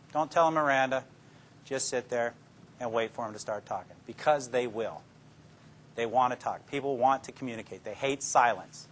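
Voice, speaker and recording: An older man talks to law students in a lecture room, drawing on his years as a police detective. His voice is at an ordinary middle pitch and his manner is plainspoken and folksy. He slips into his own interrogation-room lines as he goes. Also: a bit bright. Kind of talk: anecdotal talk to an audience.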